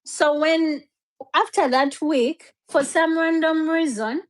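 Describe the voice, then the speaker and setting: A woman's voice: high-pitched, steady tone, slow. A woman guest telling her story casually, hesitant, with German words mixed in. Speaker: interview guest.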